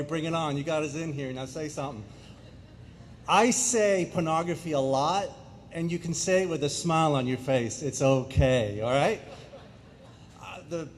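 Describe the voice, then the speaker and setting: A middle-aged man from England giving an animated talk to an audience in a school hall, joking and asking them questions. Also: fairly high pitch, a little hiss or hum. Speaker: speaker. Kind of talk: energetic public talk. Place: school auditorium.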